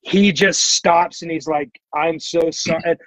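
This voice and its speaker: A man's voice: on the high side, steady tone, a little slow, fairly bright tone, no echo, poor audio. A man telling a story in casual chat as a podcast guest, rambling with lots of fillers and restarts.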